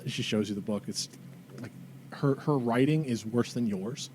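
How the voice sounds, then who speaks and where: A man's voice: mid-range voice, normal speed, a little mellow, slight background noise. A man narrating a tabletop game as game master, with loose, self-correcting speech.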